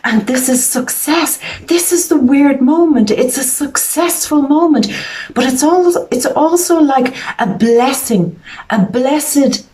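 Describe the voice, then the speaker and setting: A woman's voice: sits high, expressive, takes it slowly, mellow. A woman giving a psychic tarot reading in an earnest, emotional way, often repeating her words. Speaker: tarot reader.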